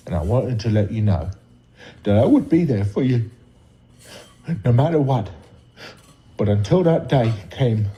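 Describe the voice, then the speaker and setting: A formal, solemn old butler with a slow, measured delivery, put on by a man. The voice sits low and dark, devoted and proper in every word. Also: rough recording.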